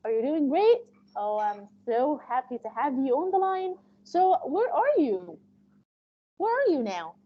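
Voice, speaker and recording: Woman doing a super chatty patient, voice jumps up high, gushy, muffled call sound. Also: big pitch swings, unhurried. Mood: gushing. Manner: gushing and friendly.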